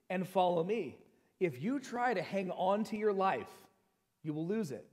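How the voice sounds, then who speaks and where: A middle-aged male pastor with a fairly high voice, preaching a sermon in a casual, joking way. He tells personal stories and slows down to stress scripture. His voice rings with the long reverb of a church hall. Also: lively intonation, darkish tone. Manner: reads scripture slowly and with emphasis. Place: church sanctuary.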